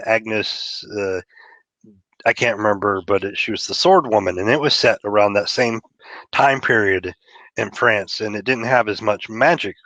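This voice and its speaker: A man's voice: fairly low pitch, fairly bright tone, no room sound, muffled recording. A man from Texas, a comic book writer and guest, talking casually and chattily with lots of fillers. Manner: chatty, laughing, trails off in fillers. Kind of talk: casual interview chat.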